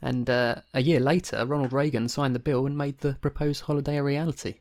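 A man co-hosting a casual comedy podcast, winding through a long story with dry understatement. His voice sits at an ordinary middle pitch and pace. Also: fairly even intonation, a little fast, darkish tone. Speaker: podcast co-host. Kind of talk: casual comedic advice chat.

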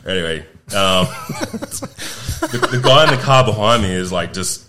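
A man's voice: lowish voice, expressive, a little slow, sharp tone. A man, a podcast guest telling war stories in a laid-back, profane way and laughing through them. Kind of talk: casual storytelling chat.

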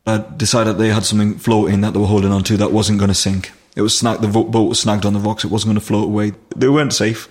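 Speaking fast with few pauses, a middle-aged firefighter from Nottingham, England, tells a vivid story as an interview guest. His pitch is fairly low and his delivery flat, with restarts and plain dialect grammar throughout.

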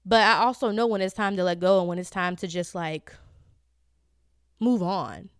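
A woman's voice: fairly low pitch, normal speed, clean tone, dry recording, clean studio sound. A young woman co-hosting a podcast, chatting candidly with frequent fillers and laughs. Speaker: podcast co-host. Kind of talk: casual chat.

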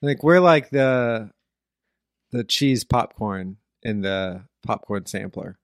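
A man's voice: fairly low pitch, lively intonation, slow, dry recording, studio quality. A man co-hosting a casual food podcast, playful and wry, teasing his co-host.

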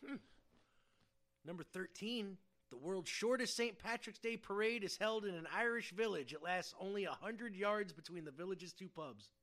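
A male podcast co-host reading trivia in casual chat, joking and swearing freely. His voice is high and bright. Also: normal speed.

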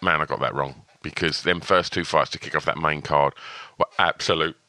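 A man's voice: rumbling low, steady tone, moderate pace, sharp tone, no room sound. A man co-hosting a podcast, chatting casually, laughing often and restarting his sentences. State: sore throat. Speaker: podcast co-host. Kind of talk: casual chat.

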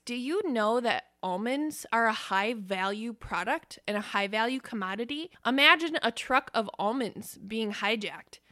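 Podcast host, female, bright voice, dry close sound, animated and profane. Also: fairly high pitch, no room sound. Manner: animated, swearing, emphatic. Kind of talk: casual podcast chat.

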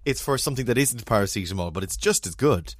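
A man's voice: on the low side, lively intonation, quick pace, no echo. A tired man hosting a podcast from a home studio, playful and teasing in casual chat. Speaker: podcast host.

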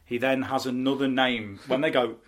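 A man's voice: medium pitch, fairly even intonation, moderate pace. A man hosting a podcast, chatting in a casual, self-mocking way with the odd swear. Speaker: podcast host. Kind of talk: casual comedic chat.

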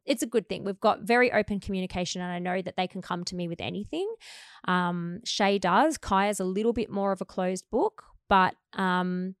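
A woman in her forties with an Australian accent, hosting a podcast and talking candidly and frankly, lively when she retells family conversations. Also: medium pitch, normal speed, dry recording, studio quality. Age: 40s. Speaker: podcast host. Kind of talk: candid casual chat.

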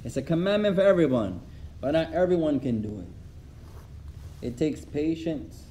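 A man teaching a religious class, telling stories with animated delivery and repeating lines for emphasis. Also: a little high, moderate pace, a little hiss or hum. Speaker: Islamic studies teacher. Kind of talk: religious class lesson with storytelling.

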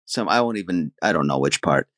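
A male comedian chatting on a podcast, his pitch swinging widely up and down as he muses. His voice sounds dry and close, with no room around it. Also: animated, brisk, fairly bright tone, dry recording. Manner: musing and questioning, hedges with "I don't know" and "I think". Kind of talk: casual conversational chat. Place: living in Germany.

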